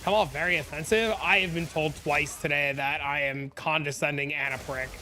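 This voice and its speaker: Bright-voiced young man venting on stream. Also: on the high side, steady tone, moderate pace, slight background noise. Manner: rambling, heavy use of "like", exasperated venting. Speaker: game streamer. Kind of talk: casual live-stream chat.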